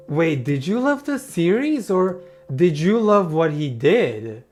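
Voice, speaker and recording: A woman hosting a reaction commentary, mocking and sarcastic, swinging between exaggerated outrage and flat asides. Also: low-pitched, moderate pace, few pauses, soft background music. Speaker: commentary host.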